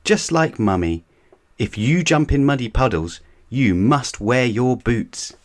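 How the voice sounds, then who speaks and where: A man's voice: medium pitch, animated, slow pace, pitched above the performer's own voice. A man voicing a cheerful, bossy little girl piglet in a storybook reading, talking eagerly and insistently.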